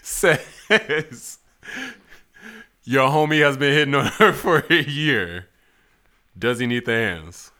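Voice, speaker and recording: A man's voice: medium pitch, animated, slow, pauses often, sharp tone. A man hosting a casual podcast, putting hypothetical questions to friends and often laughing. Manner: playful, laughs often while asking. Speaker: podcast host reading questions. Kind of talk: casual chat.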